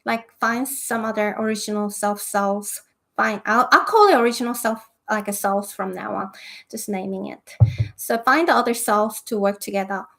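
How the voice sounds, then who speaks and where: A woman's voice: medium pitch, steady tone, normal speed, vocal fry, fairly bright tone, poor audio. A woman voicing a weary, fed-up inner spirit self that rambles on in exasperation. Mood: exasperated.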